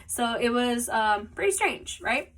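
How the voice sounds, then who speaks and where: A woman's voice: on the high side, very animated, unhurried, a bit bright, far from the mic. A woman casually telling a personal story as a podcast host, rambling with lots of "like" and "you know", recorded on a phone. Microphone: phone mic.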